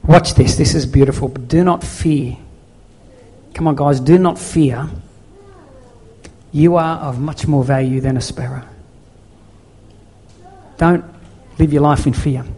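A man's voice: a little high, warm tone, breathy edge. A man preaching a sermon as pastor in a church, earnest and pleading, with many rhetorical questions.

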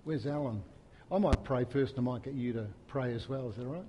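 A man preaching a sermon in a church, swinging from loud, emphatic peaks to soft, hushed stretches. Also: mid-range voice, quick pace, husky, big-room sound. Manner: impassioned, rising to loud emphatic peaks then dropping soft. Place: church hall.

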